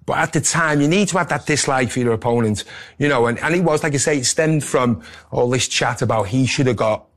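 Fast-talking man telling stories. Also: mid-range voice. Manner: animated anecdotes, quotes people in character voices. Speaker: guest, former boxer. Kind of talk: casual storytelling interview.

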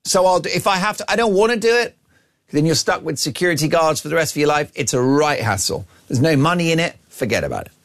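A man's voice: on the high side, animated, fast talker, hardly any pauses, a bit bright. A man hosting a radio show, delivering a brash, mocking opinion monologue full of self-aggrandizing banter. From Ireland.

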